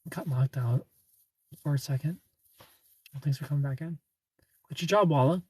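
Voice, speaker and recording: A man's voice: fairly high pitch, normal speed, husky. A man from Ohio hosting a live stream, chatting casually, greeting viewers by name and laughing often.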